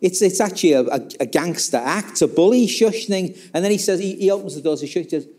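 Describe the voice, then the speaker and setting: A man, the author of a history book, talks about it casually, telling an episode as a story and acting out the quoted dialogue with many restarts. He's a fast talker with a high-pitched, darkish voice and lively intonation.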